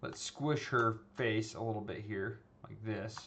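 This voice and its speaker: Speaking a little slowly, an animation instructor with a lowish, creaky, fairly bright voice gives a casual screen-recorded tutorial, often checking in with "okay?" and "right?" and restarting sentences. A faint hiss or hum is audible.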